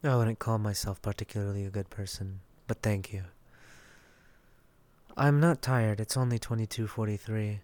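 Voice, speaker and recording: A man's voice: on the low side, steady tone, moderate pace, a little mellow, no room sound. A young man from Texas hosting a casual voice chat, reading out and answering listener messages. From Dallas, Texas. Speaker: voice chat host.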